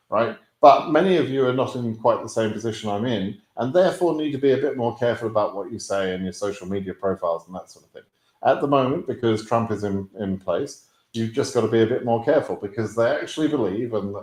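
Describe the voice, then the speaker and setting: A man's voice: mid-range voice, a little mellow, roomy sound. A British man hosting a live question-and-answer stream, talking bluntly with plenty of fillers and restarts. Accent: British English. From Britain. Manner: outspoken, blunt, swears, many fillers and restarts. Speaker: YouTube host answering viewers' visa questions.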